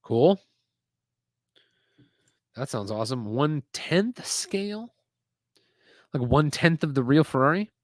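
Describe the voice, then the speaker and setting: A man with a slightly high, very animated voice hosts a laid-back live stream while assembling a toy set at his home desk surrounded by screens. He speaks a little slowly with long pauses, rambling chattily and reading viewer comments aloud, in studio-quality sound with no echo.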